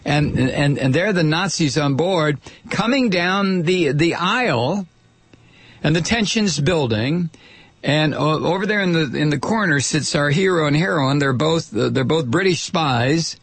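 Sarcastic husky-voiced male talk host. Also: fairly high pitch, animated, unhurried, no room sound. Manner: sarcastic, incredulous, rambling with restarts. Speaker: radio talk show host. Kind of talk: opinionated talk radio monologue.

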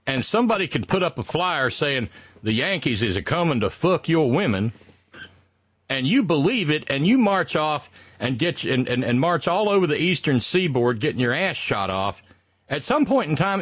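A man's voice: a little high, very animated, moderate pace, a bit bright, no echo. A man from West Virginia co-hosting a casual political chat show, profane and rambling, reading listener messages aloud. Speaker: podcast co-host.

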